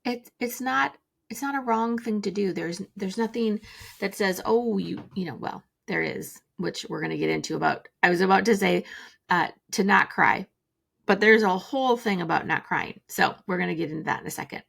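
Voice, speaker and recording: Woman host, gentle reflective solo talk, slight vocal fry, unhurried musing delivery. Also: mid-range voice. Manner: gentle, musing, many fillers. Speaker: podcast host.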